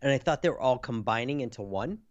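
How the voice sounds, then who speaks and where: A man's voice: medium pitch, expressive, quick pace, no echo. Guy chatting about a comic, lots of "like", kinda muffled dull mic. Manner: loose, hesitant, says "like" often. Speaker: podcast co-host. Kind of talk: casual chat about a comic book.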